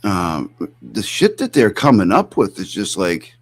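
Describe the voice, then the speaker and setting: A man's voice: fairly low pitch, wildly swooping pitch, measured pace. A man streaming live, reacting to clips with mocking, profane, incredulous commentary.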